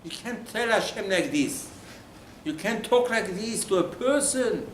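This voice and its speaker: A man teaching a Torah lesson as a rabbi, retelling the text in a theatrical, animated way. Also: sits high, unhurried, a little hiss or hum. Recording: echoey room with faint ambience.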